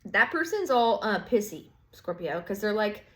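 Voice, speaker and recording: A woman tarot reader talking in a loose, rambling way, full of "like" and restarts. She swears freely and keeps slipping into quick, playful voices for the people she describes. Her pitch sits in an ordinary middle range for a woman. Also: very animated. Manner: rambling, profane, lots of fillers and playful quoted voices. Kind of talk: casual tarot reading monologue.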